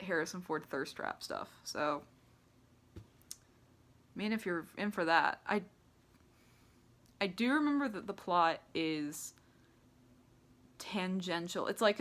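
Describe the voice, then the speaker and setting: A woman's voice: lowish voice, a bit bright. A young American woman giving a casual, sarcastic movie ranking commentary, laughing often and peppering her talk with "like". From United States. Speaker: movie reviewer.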